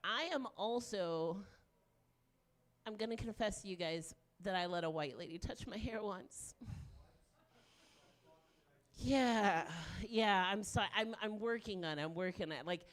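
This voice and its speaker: A woman in her late forties doing a stand-up set, frank and self-mocking, with animated punchlines. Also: mid-range voice, measured pace, long pauses. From Deep South of the US. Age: 40s. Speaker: stand-up comedian.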